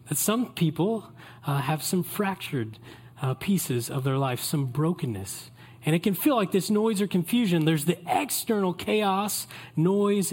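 Pastor, playful sermon. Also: male voice, on the high side, breathy edge. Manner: playful, joking asides to the congregation.

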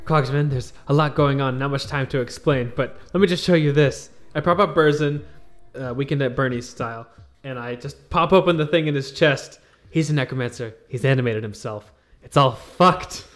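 A man's voice: medium pitch, fairly quick, hardly any pauses, faint music behind. A man playing a tabletop game, speaking in a dramatic, playful way. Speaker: player. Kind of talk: tabletop role-play.

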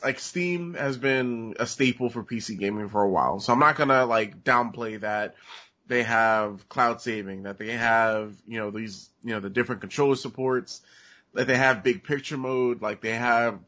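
A man co-hosting a casual gaming podcast, talking haltingly with a summer cold. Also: mid-range voice, a bit bright. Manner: halting, many fillers and restarts. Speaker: podcast co-host.

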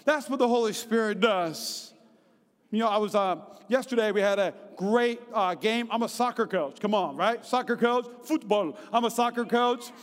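A man in his thirties preaching a sermon in a lively, conversational way, often checking in with the congregation. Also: high voice, normal speed. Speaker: pastor. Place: church hall. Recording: long reverb of a large hall.

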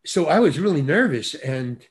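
A man, an actor, telling a casual anecdote animatedly, restarting phrases and punching lines with quick interjections. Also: on the high side, big pitch swings. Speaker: actor guest telling a story.

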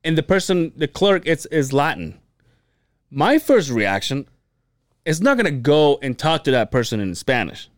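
A man's voice: fairly high pitch, very animated, normal speed, no room sound, studio quality. A young man co-hosting a podcast, talking casually, rambling with restarts, cursing and laughing. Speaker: podcast co-host. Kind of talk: casual chat.

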